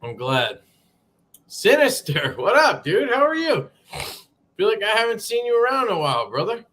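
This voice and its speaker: A man's voice: high voice, sing-song, normal speed, fairly bright tone. A man hosting a casual live stream from a sparse room at home, greeting chatters by name in a loose, swearing way. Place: home room being moved into.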